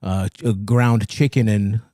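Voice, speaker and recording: A man in his thirties telling a story on a podcast in casual chat, profane and self-mocking, jumping into high voices for quotes. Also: steady tone, a little slow, warm tone, dry recording, studio quality.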